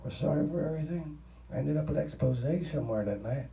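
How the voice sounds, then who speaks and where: A man's voice: a little high, fast, vocal fry. Man spinning a wild tale, roomy and distant. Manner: profane, excitable storytelling. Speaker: interviewee telling a story. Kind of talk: rambling anecdote. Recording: roomy sound from a distant mic.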